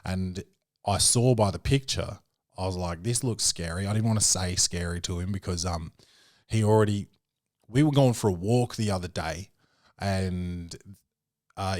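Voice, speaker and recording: A young man hosting a podcast alone, rambling through a casual film review with fillers, restarts and swearing, and acting out quoted voices with sudden high jumps. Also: dry recording, studio quality. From Australia. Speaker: podcast host.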